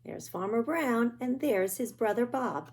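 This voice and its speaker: A woman reading a picture book aloud to young children, gentle and pointing out the pictures as she goes. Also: on the high side, animated, measured pace, slight background noise. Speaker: children's storyteller.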